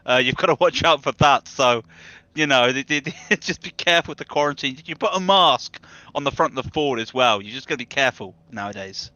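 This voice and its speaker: A man's voice: medium pitch, animated, brisk, sharp tone, no echo, dull audio. A man commentating a sim race broadcast in a chatty, jokey way, laughing easily.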